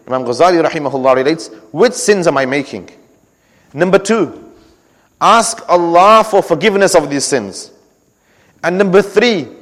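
A man delivers a sermon in an earnest, storytelling manner, now and then racing through recited scripture. His voice sits a little high for a man. Long reverb trails behind him, as in a large hall. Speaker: preacher.

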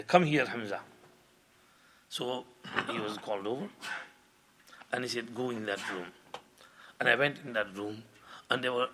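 Bright-voiced male preacher telling a story. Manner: recounts a dream, reciting Arabic verses and translating them; rises louder and higher when giving the quoted voice. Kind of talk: sermon storytelling.

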